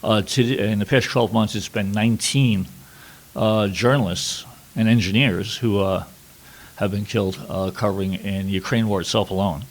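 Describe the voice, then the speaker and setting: Gravelly middle-aged man telling a war story. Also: fairly low pitch, fairly even intonation. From New York City. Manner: halting, with frequent fillers and restarts. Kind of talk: personal storytelling at a workshop.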